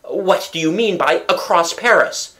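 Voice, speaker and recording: A reader voicing an agitated young nobleman in love, answering in high-strung, urgent bursts. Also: unhurried, a bit bright, close to an everyday voice. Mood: frantic.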